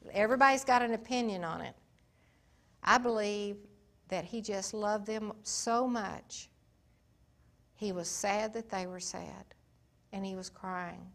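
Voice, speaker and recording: A woman giving an informal Bible teaching in a folksy, emphatic way, swinging between soft and loud. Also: medium pitch.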